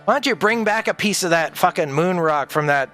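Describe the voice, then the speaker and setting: A man's voice: high-pitched, animated, brisk, pushed and bright, faint music behind. A man rambling through a casual livestream monologue, conspiratorial and heavy on swearing.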